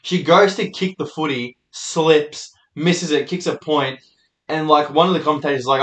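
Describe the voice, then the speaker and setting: A man's voice: fairly high pitch, normal speed, fairly bright tone, echoey room, low-quality recording. Sweary young Australian man rambling. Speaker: podcast host and comedian. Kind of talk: solo storytelling monologue.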